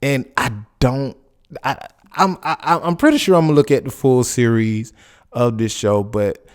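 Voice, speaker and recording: A man in his forties talks into his podcast mic, loose and rambling as he comments and tells stories from his own life. His pitch sits mid-range for a man, and he restarts his sentences often as he goes. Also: a little slow, smooth. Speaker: podcast host. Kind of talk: casual commentary and personal storytelling.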